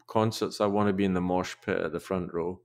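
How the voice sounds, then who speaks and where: An older man with a very low voice talks as a guest on a podcast interview. He speaks reflectively and haltingly, often restarting his sentences. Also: steady tone, vocal fry, a little mellow. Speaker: podcast guest, probiotics researcher. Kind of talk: casual interview chat.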